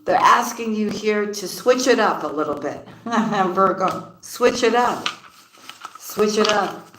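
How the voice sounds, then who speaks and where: Lady doing a laid-back tarot reading, keeps giggling, real slow, roomy echo. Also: mid-range voice, noisy background. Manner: giggly, laughs often between phrases; repeats words and phrases. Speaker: tarot card reader. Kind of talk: casual spoken tarot reading. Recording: roomy echoey room.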